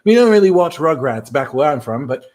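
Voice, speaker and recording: A boastful British tarot reader with a slightly high voice, as a man puts him on, drifting into an Americanized version of the accent. He teases and rambles with plenty of fillers, keeping a cocky live-stream swagger. It comes across as a playful put-on persona. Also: big pitch swings, fairly quick, a little mellow. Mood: upbeat. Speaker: tarot reader, livestream host.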